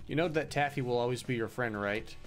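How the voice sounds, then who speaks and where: A man's voice: mid-range voice, brisk, soft background music, close to an everyday voice. A man voicing an earnest, anxious robot sidekick from a video game, reading its lines aloud with stiff, careful phrasing.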